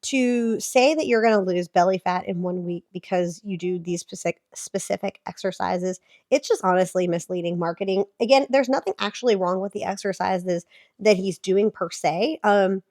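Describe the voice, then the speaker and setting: Reacting to fitness advice for her vlog, a woman in her thirties chats and explains things with lots of fillers, her voice audibly sick. Her tone is mid-range and slightly mellow, captured in a dry, studio-quality recording.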